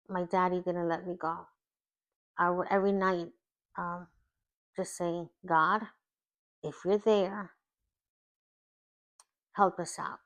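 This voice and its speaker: A woman life coach telling a personal faith testimony in slow, emotional storytelling with long pauses. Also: medium pitch.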